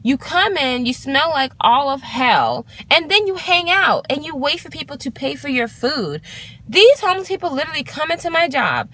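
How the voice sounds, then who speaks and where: A woman in her twenties telling an exasperated storytime rant to her vlog, swearing freely and talking in an animated way. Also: high voice. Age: 20s. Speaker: vlogger.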